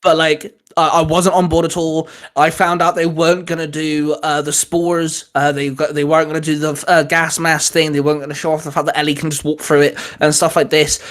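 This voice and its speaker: Flat-voiced man hosting a podcast. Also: on the high side, fairly quick, few pauses. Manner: loose and rambling, leans on "like" and "um". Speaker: podcast host. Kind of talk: casual podcast chat.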